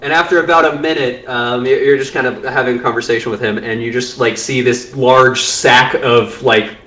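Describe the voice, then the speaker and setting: Casting: a man as a rambling game master, mid-pitched, on a distant mic in an echoey room. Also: fairly even intonation, normal speed, sharp tone. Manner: rambling, hesitant, full of likes. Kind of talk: narrating a tabletop game.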